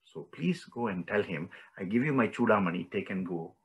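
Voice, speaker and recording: A man voicing a gentle, grieving captive princess, speaking in a soft, hushed, resigned way. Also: on the low side, lively intonation, a little fast, slightly rough, lo-fi sound, pitched below the performer's own voice. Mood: soft pleading.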